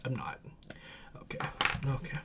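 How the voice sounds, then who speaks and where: A man hosting a music video reaction, excitable and swearing freely, talking to himself and squealing when thrilled. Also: unhurried, background noise. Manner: talks to himself aloud. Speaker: reaction channel host. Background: faint music video playing.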